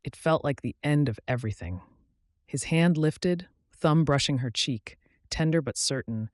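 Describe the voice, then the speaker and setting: A man narrating a romance audiobook in a soft, intimate, unhurried way on a close studio mic. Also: fairly high pitch, no echo.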